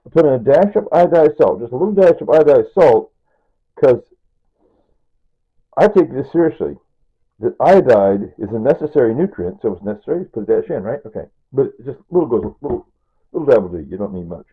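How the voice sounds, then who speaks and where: An older man in his sixties talks through a cooking demonstration in a chatty, wandering way, full of asides. His voice is husky. The sound is thin and tinny, like a phone line. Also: medium pitch, big pitch swings, a little fast. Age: 60s. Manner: rambling and chatty, with asides and chuckles. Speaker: home cooking vlogger.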